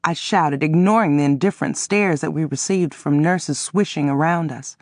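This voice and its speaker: A woman narrating a first-person audiobook in an expressive, dramatic reading. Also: low voice, normal speed, few pauses, dry recording, studio quality.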